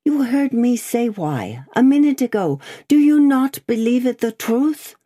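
A woman's voice: a little high, sing-song, unhurried, warm tone, no echo, clean studio sound, pitched above the performer's own voice. A woman reading an audiobook, voicing an anxious, indignant male prisoner in his late thirties who protests and pleads. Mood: pleading.

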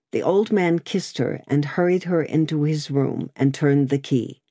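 A woman narrating an audiobook in an expressive storytelling style. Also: low-pitched, unhurried, hardly any pauses, no echo, studio quality. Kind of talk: scripted narration.

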